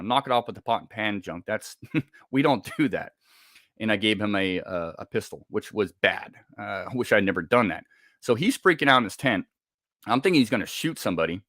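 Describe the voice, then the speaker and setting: A middle-aged man from Scotland telling a personal story in a halting, casual way, repeating words as the tension builds. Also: medium pitch, bright, forceful tone, dry recording, clean studio sound. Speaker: guest telling an encounter story.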